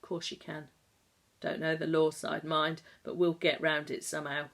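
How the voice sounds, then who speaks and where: A woman doing a gruff, plain-spoken old countryman. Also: deep voice, level tone, moderate pace, fairly bright tone. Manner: blunt, plain-spoken, rustic turns of phrase. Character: gruff elderly countryman, steady and protective.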